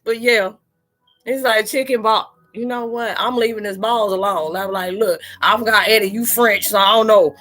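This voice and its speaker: Bright-voiced woman chatting and laughing. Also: medium pitch, normal speed, faint music behind. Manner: laughs often, tells animated stories, talks loosely and playfully. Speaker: live chat host. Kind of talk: casual live-stream chat.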